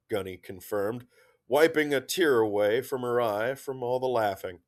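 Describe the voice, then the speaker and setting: A male storyteller reading a chapter aloud. He narrates in a slow, measured way, letting each line settle before the next one. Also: lowish voice.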